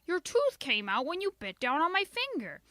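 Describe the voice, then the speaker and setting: A woman voicing a patient, weary old grandfather who talks gently and coaxingly in a storybook reading. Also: very high voice, huge pitch swings, moderate pace, no echo, clean studio sound, pitched above the performer's own voice, exaggerated voice.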